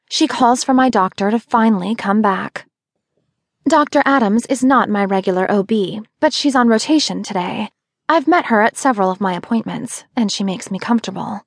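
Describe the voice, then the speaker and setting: A woman reading a first-person audiobook narration in a steady, intimate way. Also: mid-range voice, no room sound, studio quality.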